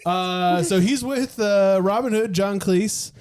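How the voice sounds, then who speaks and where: A podcast co-host chatting casually, quick to laugh and prone to stumbling restarts. His voice sits a little higher than most men's. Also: a little mellow, clean tone. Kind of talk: casual chat.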